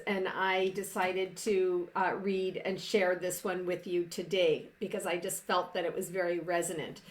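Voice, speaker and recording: A middle-aged woman speaks very slowly and gently, leading listeners through calm breathing as a coach. Her voice sits at an ordinary middle pitch, and her phrase endings fade off softly. She stays unhurried and soothing throughout. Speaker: life coach hosting a live session. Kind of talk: slow guided breathing and reflective talk.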